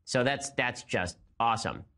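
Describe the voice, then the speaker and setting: A man in his thirties hosting a political commentary show, talking fast with sarcasm and disbelief. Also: medium pitch, sharp tone. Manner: rapid, incredulous, sarcastic. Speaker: host.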